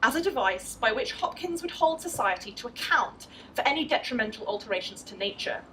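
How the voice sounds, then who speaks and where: A woman scholar giving a formal lecture, reading verse aloud in a measured, expressive way. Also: fairly high pitch, distant mic, slight background noise, poor audio. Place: lecture venue at a festival.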